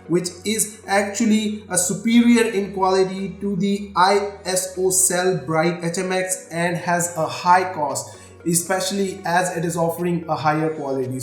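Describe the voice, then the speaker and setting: A man's voice: high-pitched, far from the mic. A man hosting a tech channel, running through phone rumors in a wordy way, with many fillers and asides to the audience. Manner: wordy, filler-heavy, keeps addressing the audience as guys. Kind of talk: tech rumor rundown with sponsor read. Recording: echoey room with faint music.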